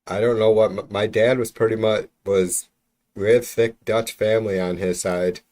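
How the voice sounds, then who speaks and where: Sitting roughly an arm's length from his mic, a man rambles to his livestream audience and swears without restraint. His voice is lowish and darkish, with fairly even intonation and a moderate pace.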